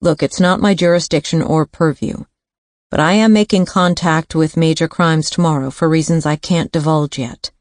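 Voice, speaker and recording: A woman's voice: low-pitched, steady tone, normal speed, dry recording, clean studio sound, natural voice. A woman reading an audiobook, voicing a determined woman investigator who speaks urgently and firmly. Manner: urgent, firm, persuasive. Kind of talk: audiobook character voice.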